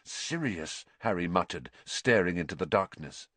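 A man narrating a story aloud, expressive and dramatic, rising with the action. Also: fairly low pitch, unhurried, dry recording. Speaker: audiobook narrator.

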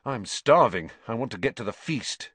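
A man's voice: mid-range voice, animated, a bit bright, no echo. A man doing a hot-tempered teenage boy. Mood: eager. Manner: blunt, quick to anger.

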